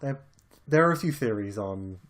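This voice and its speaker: A British man co-hosting a podcast chats casually about films, laid-back and rambling, with occasional swearing. His voice is on the low side, animated and a little fast.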